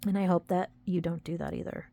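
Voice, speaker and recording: Upset and nearly crying, this young woman vlogs a rambling warning to viewers, blaming herself in frustration during a casual confessional. She speaks briskly in a dark, low-ish voice, recorded dry.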